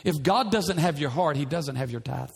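High-voiced, emphatic male pastor. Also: lively intonation, moderate pace, vocal fry. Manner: emphatic, with repeated rhetorical questions. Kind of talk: sermon.

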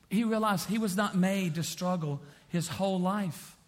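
Pastor guy preaching, high voice, repeats himself, gets loud and fired up. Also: moderate pace, hardly any pauses. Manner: preaching with wide swings from quiet to loud, impassioned; repeats phrases for emphasis. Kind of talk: sermon.

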